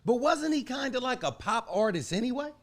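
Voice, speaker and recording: A man hosts a relaxed podcast, asking questions and cracking jokes. His voice is high for a man and swings widely in pitch. He sounds easygoing with his guest. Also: brisk. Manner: laid-back, joking questions. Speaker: podcast host. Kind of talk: casual interview talk.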